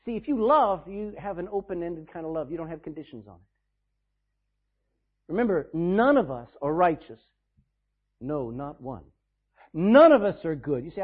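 Male pastor mid-sermon, high-pitched, emphatic; tinny phone-line quality. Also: big pitch swings, husky. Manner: preaching with emphatic swings in volume, reading scripture slowly. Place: church sanctuary.

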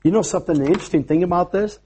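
A male pastor preaching a sermon, telling a story in an animated way with stammered restarts. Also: high voice, rapid-fire, husky.

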